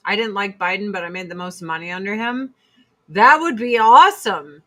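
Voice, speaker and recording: A woman's voice: medium pitch, moderate pace, sharp tone. A woman in her forties hosting a casual livestream, ranting bluntly with profanity and mocking put-on quotes. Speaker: livestream host.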